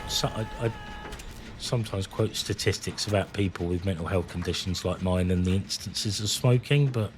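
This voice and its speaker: Casual streamer in his forties, slightly low voice, rambling, candid chat. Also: moderate pace, noisy background. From England. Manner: rambling, candid, swears freely. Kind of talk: casual chat while gaming.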